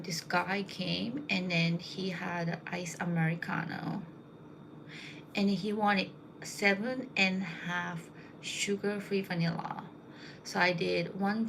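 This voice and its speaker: A woman's voice: mid-range voice, fairly even intonation, slow pace, vocal fry, background noise. A young woman casually telling rambling anecdotes, with lots of fillers. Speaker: storyteller.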